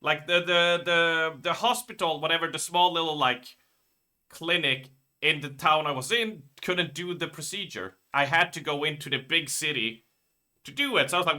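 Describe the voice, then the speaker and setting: Bright-voiced man rambling on stream. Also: a little high, lively intonation, moderate pace. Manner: rambling, profane storytelling. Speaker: live streamer. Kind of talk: casual live-stream chat.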